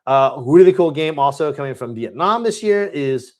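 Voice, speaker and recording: Male live-stream host, excitable, casual rambling delivery, frequent fillers. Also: on the high side, normal speed. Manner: enthusiastic, rambling with many fillers. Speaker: board game channel host. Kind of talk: live Q&A chat.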